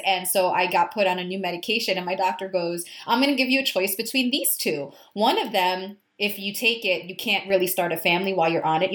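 A young adult woman co-hosting a podcast, telling stories in an animated, casual way. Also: mid-range voice. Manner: animated storyteller, acts out quoted dialogue. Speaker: podcast co-host. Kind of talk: casual chat. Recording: roomy echo.

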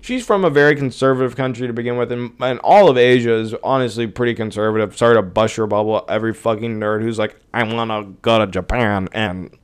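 A man's voice: mid-range voice, quick pace, few pauses, clean tone. A young man hosting a podcast, ranting in a rambling, profane, exasperated way. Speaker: podcast host. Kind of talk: casual rant.

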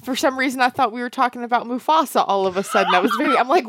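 A woman's voice: fairly high pitch, lively intonation, fairly bright tone, dry recording, studio quality. Playful, teasing woman co-host. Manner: playful, teasing, quick to laugh. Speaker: podcast co-host. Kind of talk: casual chat.

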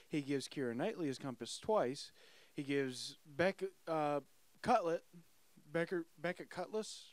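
Hoarse, animated podcast man. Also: a little high, no room sound. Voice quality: animated, swears freely. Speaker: podcast host. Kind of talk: casual chat.

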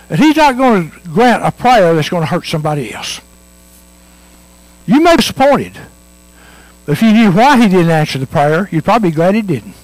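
Male preacher, high animated voice, dry sound, earnest repetitive sermon delivery. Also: no echo, low-quality recording. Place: church.

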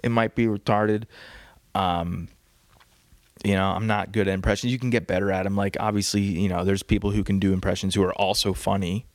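A man with a low, gravelly voice hosts a casual solo podcast, rambling and crude, often laughing at his own jokes. His voice is recorded close and dry, with no room sound around it. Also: fairly even intonation, a little fast, no echo. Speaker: podcast host. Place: home, on a couch.

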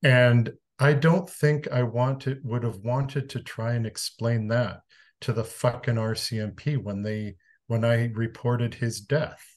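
A man from Canada, an interview guest, telling a personal story in a frank, conversational way, swearing casually and moving between calm and emphatic. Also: mid-range voice, slow.

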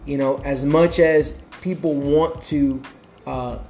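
A man's voice: fairly high pitch, fairly even intonation, slow pace, a little mellow, soft background music. A man giving a conversational sermon with passion and lots of repeated phrases. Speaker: preacher. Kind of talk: casual sermon.

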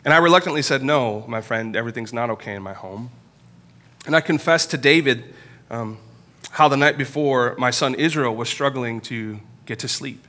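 A man in his thirties, a pastor, preaching a sermon in a church in an earnest, confessional storytelling manner with pauses. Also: mid-range voice, sharp tone.

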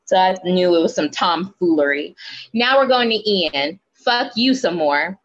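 A woman's voice: on the low side, lively intonation, measured pace, muffled recording. A woman co-hosting a casual podcast, ranting emphatically and swearing freely. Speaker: podcast co-host.

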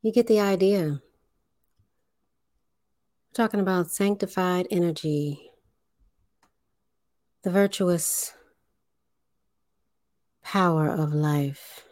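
Slow, low-voiced woman livestream host. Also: fairly even intonation, a little mellow, no echo, clean studio sound. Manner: deliberate, enunciating, leads breathing exercises. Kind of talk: slow spiritual livestream talk.

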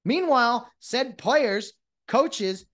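Man in his late 30s, solo podcast rant, exasperated, lively swooping pitch, restarts sentences. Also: extremely slow. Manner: animated, exasperated ranting with frequent restarts. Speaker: podcast host and former umpire.

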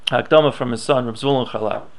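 Speaking quickly in a mid-range voice with a little background noise, a man teaches a Torah class. He reads out Hebrew and Aramaic texts, explains them in English, and restarts as he thinks through his points aloud.

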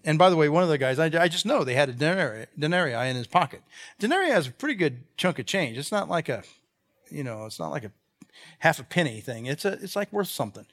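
A man preaches a sermon in a high voice that swings widely in pitch. He reads scripture, then unpacks it in plain, chatty talk, often restarting his sentences. Now and then he acts out the people in the story. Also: fast talker. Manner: animated, acts out the quoted people in the stories; conversational, with repeated restarts. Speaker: pastor.

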